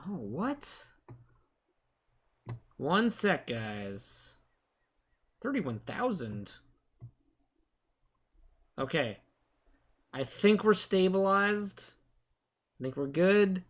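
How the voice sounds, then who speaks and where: A young man commenting live on his own gameplay, excitable, rambling and poking fun at himself. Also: high-pitched, drawn-out words, long pauses. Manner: excitable, rambling, self-mocking. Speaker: game streamer.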